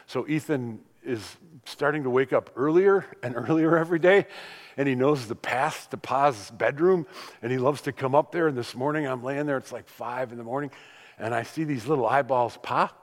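A man's voice: medium pitch, moderate pace. Older man preaching in a reverberant hall. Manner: preaching with dramatic swings from loud to hushed. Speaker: pastor. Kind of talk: sermon.

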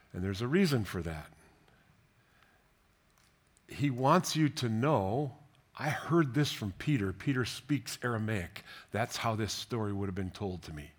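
Man preaching with tender, hushed emphasis. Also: medium pitch. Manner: tender, with hushed whispered passages and rising emphatic questions. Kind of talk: sermon reading and commenting on scripture.

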